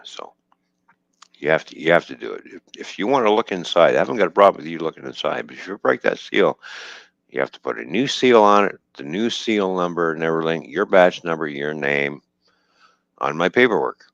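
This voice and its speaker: Deep-voiced man swearing through a story. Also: fairly quick, gravelly, no echo. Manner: profane, laughing, animated retelling with quoted dialogue. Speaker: trucker telling a story. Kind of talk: casual storytelling on a stream. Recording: dull lo-fi dry stream audio.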